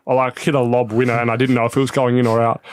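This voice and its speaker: A man's voice: medium pitch, racing, clear, resonant tone, dry recording. Young man, laughing storyteller, swears a lot, dead dry room. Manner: animated, laughing, swears freely. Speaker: guest, tennis player. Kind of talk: casual podcast storytelling.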